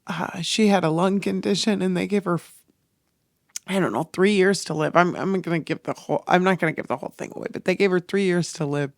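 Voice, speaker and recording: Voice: medium pitch, steady tone, quick pace, no room sound, clean studio sound. A podcast host speaking in a personal, reflective monologue, earnest and emotional, rambling through thoughts with restarts.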